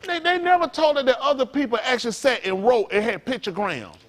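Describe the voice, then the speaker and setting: Pastor guy preaching casual, high voice that jumps all over. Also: a little fast. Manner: animated, slangy, laughs through a funny story. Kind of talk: informal sermon teaching with storytelling.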